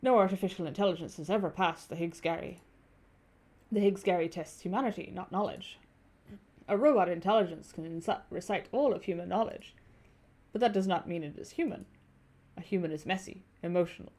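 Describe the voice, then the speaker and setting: A woman's voice: on the low side, a little fast, a little mellow. A woman doing a stiff German tourist. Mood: solemn. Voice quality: half-hearted German accent. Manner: formal, clipped and probing. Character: stiff formal male tourist passenger.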